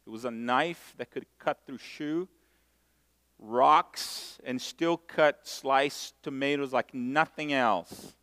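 A middle-aged man from Brazil, preaching a sermon and telling stories in a self-mocking, animated way. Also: medium pitch, slow pace, smooth. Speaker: pastor. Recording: long hall reverb.

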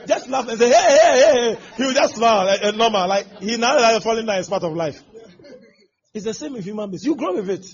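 With a high voice and a fast delivery, a male pastor acts out scenes in his sermon, exclaiming and laughing. The sound is dull and lo-fi, with faint noise behind it.

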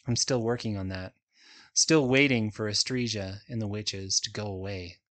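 A man narrating a first-person fantasy novel in a measured, softly dramatic reading. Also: fairly low pitch. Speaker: audiobook narrator.

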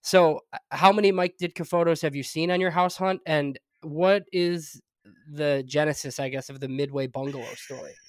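Higher-voiced man asking playful questions. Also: fairly even intonation, moderate pace, no room sound, clean studio sound. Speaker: podcast co-host. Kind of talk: casual podcast question.

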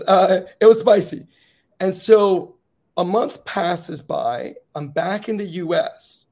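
A male guest speaker tells his personal story in an interview, earnest and grave in the quiet moments before building to rousing encouragement. His voice is slightly raspy and on the high side.

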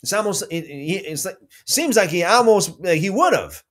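A man hosting a casual livestream about faith, reading out viewer comments and telling stories with many restarts. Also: measured pace. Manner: rambling, restarts often, lively pitch swings when telling stories.

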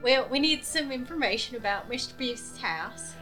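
A woman's voice: high-pitched, lively intonation, moderate pace, bright, forceful tone, soft background music. A woman playing a tabletop game, making dry, quippy remarks.

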